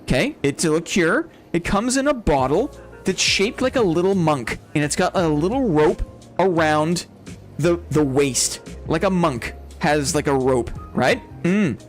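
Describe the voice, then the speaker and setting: A man's voice: on the high side, expressive, measured pace, soft background music. A young man chatting casually and rambling to his viewers while he plays a game. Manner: chatty, rambling, addresses chat as brother. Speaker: streamer. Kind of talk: casual gameplay chat to viewers.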